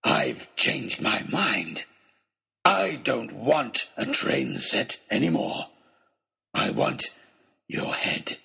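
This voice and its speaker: A man voicing a ghastly, savage male baronet villain in a storybook reading, with a gravelly roaring snarl. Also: medium pitch, sing-song, extremely slow, bright, forceful tone, full character voice.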